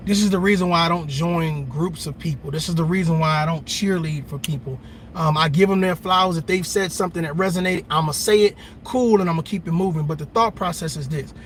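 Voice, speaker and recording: Male livestream host, animated and blunt, high bright voice, recorded in a parked car with faint noise behind. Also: a little fast. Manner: animated, swears, laughs, talks to viewers. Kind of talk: casual live commentary.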